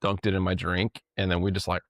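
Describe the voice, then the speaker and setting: Casting note: a deep, gravelly man co-hosting a podcast, rambling and laughing, dry sound. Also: monotone, fast, no echo. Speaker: podcast co-host. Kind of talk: casual chat.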